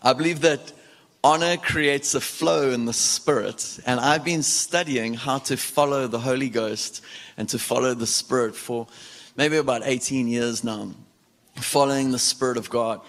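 Excitable male preacher in an echoey church. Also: medium pitch. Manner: excitable, loud bursts of laughter and shouting, urging the congregation. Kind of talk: sermon.

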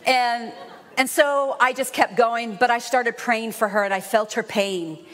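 A woman with a high voice preaches a sermon at an unhurried pace, earnest and storytelling. Her words ring out with a long hall reverb in a church sanctuary, and at times she rises into shouted praise.

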